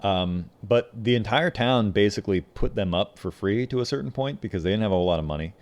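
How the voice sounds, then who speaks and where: Talking fast in a lowish voice, this man co-hosts a podcast and shares behind-the-scenes stories from a film in a casual chat. He drops into quoted voices along the way.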